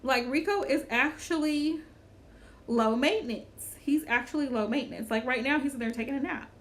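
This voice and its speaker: A woman's voice: sits high, moderate pace. A woman hosting a casual livestream chat, talking to viewers by name, repeating her phrases and laughing often. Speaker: livestream host.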